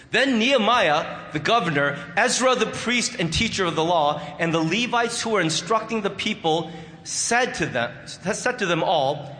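A man preaching a sermon as pastor, animated and emphatic, with playful asides to the congregation. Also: high voice. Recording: echoey hall with long reverb.

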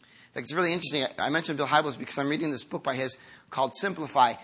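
A man in his fifties preaching a sermon to a congregation, earnest and conversational, moving from quiet, slow lines to emphatic ones. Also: mid-range voice, slightly rough. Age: 50s. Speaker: pastor.

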